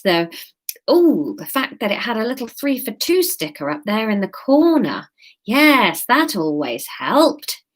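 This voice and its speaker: A woman's voice: mid-range voice, fairly bright tone. A woman in her thirties reading her own story aloud, with playful, self-mocking asides.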